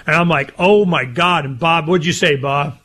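Give me an older man with a fairly high voice, chatting in a loose, rambling way, getting animated and laughing loud as he talks on a casual show. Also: moderate pace, a little hiss or hum. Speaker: co-host. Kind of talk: casual chat.

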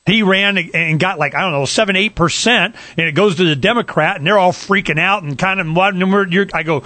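A middle-aged talk radio host with a high, bright voice and a blunt, crude edge. He mocks and jokes as he rants. The sound is close and dry. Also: brisk, hardly any pauses, no room sound. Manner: blunt, animated, mocking, crude. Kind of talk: brash talk radio banter.

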